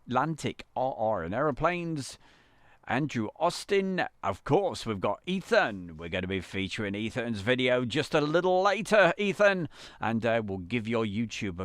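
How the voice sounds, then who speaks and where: A chatty man hosts a live stream from inside a van, calling out viewers' names as he greets them. His pitch rises and falls in a lively, sing-song way, sitting right in the middle for a man. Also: no room sound. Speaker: livestream host.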